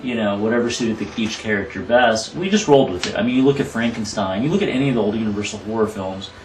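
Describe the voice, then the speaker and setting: A film director answering interview questions with earnest, rambling explanations. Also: male voice, lowish voice, fast, far from the mic, slight background noise. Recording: roomy, from off the mic.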